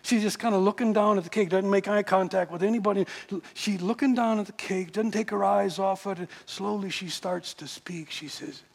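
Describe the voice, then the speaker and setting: High, creaky-voiced male storyteller. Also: fairly quick, few pauses, big-room sound. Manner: animated, repeats words, acts out voices. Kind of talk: storytelling sermon.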